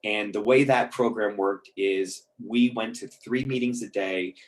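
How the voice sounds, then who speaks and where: Brief: middle-aged man, lowish voice, candid and conversational personal storyteller, emotional at times. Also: fairly even intonation, a little slow, poor audio. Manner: candid and conversational, with frequent ums and restarts; emotional, chokes up at moments. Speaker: speaker sharing his recovery story.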